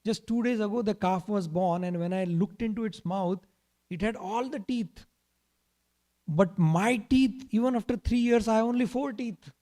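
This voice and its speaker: A man voicing a naughty three-year-old boy who whines and complains in a high, pleading way. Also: fast, dark tone, natural voice. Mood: tearful complaint.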